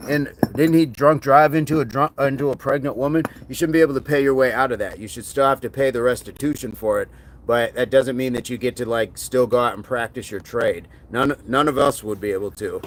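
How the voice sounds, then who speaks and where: A man's voice: mid-range voice, a little fast, a little hiss or hum. A middle-aged man talks casually on a livestream, reading out viewer comments as he goes. His manner is loose and joking, and he keeps dropping into a mock movie-gangster voice for a punchline. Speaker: livestream host.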